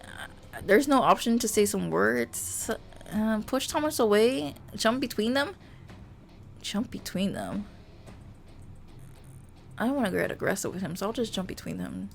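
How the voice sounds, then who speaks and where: A woman streamer reading a visual novel aloud and reacting with animated exclamations. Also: medium pitch, moderate pace, creaky, a little hiss or hum. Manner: animated, exclaiming and laughing at the story.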